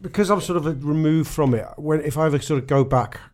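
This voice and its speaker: A man's voice: a little high, fast, a little mellow. A man from London chatting on a podcast, making wry jokes and swearing freely. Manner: dry, wry joker who swears freely. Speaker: podcast co-host. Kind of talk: casual chat.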